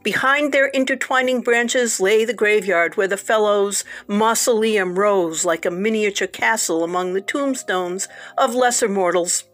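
A woman narrating a gothic story in an expressive, dramatic way. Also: medium pitch, measured pace, hardly any pauses, soft background music.

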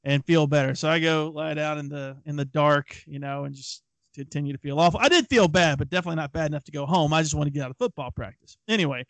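A man in his thirties with a somewhat high voice rambles through a story, circling back with restarts and fillers. The sound is dry and close, with no room echo. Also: fast, fairly bright tone. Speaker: podcast co-host. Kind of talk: casual chat, storytelling.

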